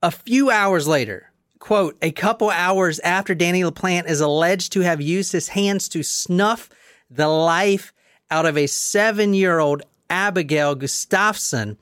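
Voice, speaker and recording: High-voiced man chatting casually about crime. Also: unhurried, a bit bright, smooth, no room sound, studio quality. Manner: laid-back, swears, laughs often. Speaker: host. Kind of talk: casual true-crime chat.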